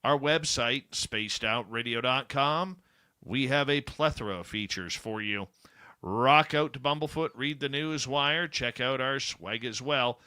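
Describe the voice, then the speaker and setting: Male radio host, bright close dry sound, chatty and informal, upbeat promo reads. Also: medium pitch, clear, resonant tone, dry recording. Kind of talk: casual radio chat and show promos.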